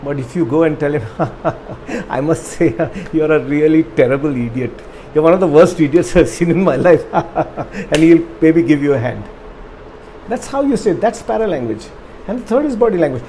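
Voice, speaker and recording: A man's voice: sits high, warm tone, a little hiss or hum, rough recording. Man teaching a Bible class. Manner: explains in a conversational way, often checking in with "yeah?". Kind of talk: Bible study lecture.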